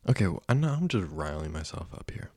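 Young male podcaster, deep voice, rambling and self-mocking, crude. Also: sing-song, quick pace, dark tone, no echo, studio quality. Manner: rambling and self-deprecating, swears often. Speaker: podcast host. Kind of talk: casual solo podcast monologue.

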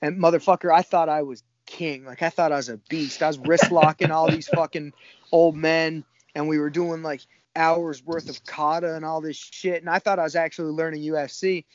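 A man's voice: fairly high pitch, steady tone, normal speed, dull audio. A man in his thirties from Cape Breton, a jiu-jitsu coach talking in laid-back casual chat and swearing often. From Cape Breton, Canada. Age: 30s.

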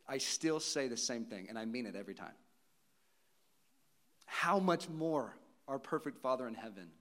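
A man in his thirties preaching to a church congregation in a medium-pitched voice. He is animated and laughs often, then drops to soft, almost whispered lows. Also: a little fast. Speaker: pastor. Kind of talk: sermon.

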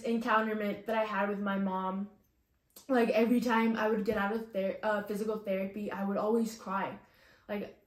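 A woman's voice: mid-range voice, darkish tone. A young woman sharing a personal faith testimony, earnest and casual, full of "like" and "you know.". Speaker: testimony speaker. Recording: echoey room.

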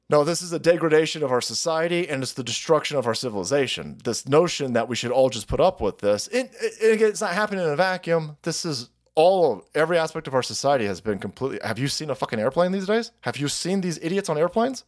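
Brief: male stream host, high voice with wild pitch swings, profane mocking political rant. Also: lively intonation, fast, hardly any pauses. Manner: loud, profane, mocking, swings between shouts and mutters. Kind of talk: ranting live-stream commentary.

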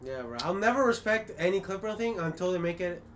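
A man's voice: sits high, expressive, a little fast, a little hiss or hum. A man co-hosting a podcast, throwing in short, insistent remarks in casual chat. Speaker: podcast co-host.

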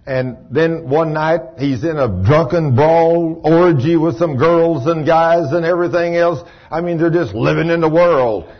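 A man preaching a sermon, telling a story with lively emphasis and asking the congregation questions. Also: fairly high pitch, unhurried, hardly any pauses. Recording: dull lo-fi recording.

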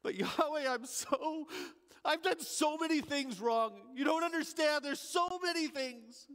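A male pastor plays a repentant thief dying on a cross in a dramatic first-person monologue at a church service. His high-pitched voice, echoing in a big room, is halting and emotional, pleading as it moves from hushed remorse to crying out.

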